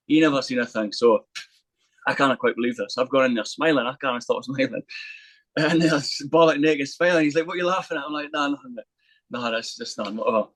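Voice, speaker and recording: Fast-talking man telling a story. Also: medium pitch, dry recording, low-quality recording. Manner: swearing, animated anecdote with quoted voices. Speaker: podcast guest. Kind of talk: casual storytelling.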